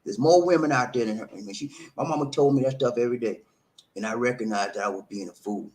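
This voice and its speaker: A middle-aged man tells viewers about his own past. He talks emphatically, keeps adding "man" at the end of lines, and laughs at himself, at a middling pitch for a man. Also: fast talker, darkish tone. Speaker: vlog host. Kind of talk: personal storytelling to viewers.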